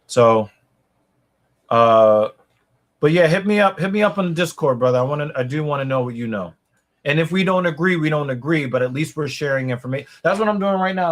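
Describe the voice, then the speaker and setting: A man hosting a podcast livestream, talking in a loose, rambling and profane way with frequent restarts. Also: on the high side. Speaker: podcast host. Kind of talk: casual livestream chat.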